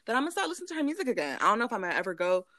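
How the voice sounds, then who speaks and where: A woman's voice: on the high side, sing-song, racing, pushed and bright, dry recording. A young woman co-hosting a podcast, talking bluntly and emphatically in a casual chat, swearing freely. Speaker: podcast co-host.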